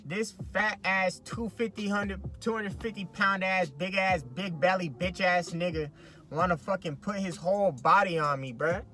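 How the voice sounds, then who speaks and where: A man's voice: sits high, normal speed, bright, forceful tone. A young man vlogging, telling a story as an expletive-heavy rant and acting out every quote.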